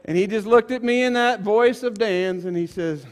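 A pastor telling a lively story in a sermon, acting out voices and exclamations. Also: male voice, high-pitched, takes it slowly. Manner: animated storyteller, acts out voices.

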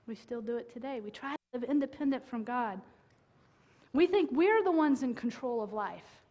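A woman with a high voice preaching a sermon. She talks earnestly and holds dramatic pauses, then breaks into sudden loud bursts. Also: lively intonation, highs cut off.

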